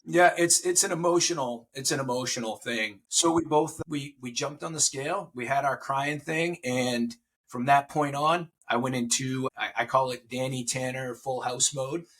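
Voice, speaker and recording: A man's voice: mid-range voice, normal speed, fairly bright tone. A man in his forties, a podcast guest, telling a personal story in casual conversation and getting emotional. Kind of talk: casual interview chat.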